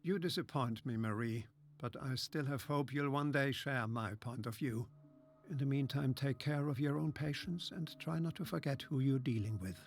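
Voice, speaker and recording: A man's voice: medium pitch, normal speed, creaky, faint music behind, lightly acted. A man playing a smug mad-scientist doctor with a faint German accent. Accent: slight German. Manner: silky, condescending, patronizing. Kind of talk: video game voice acting.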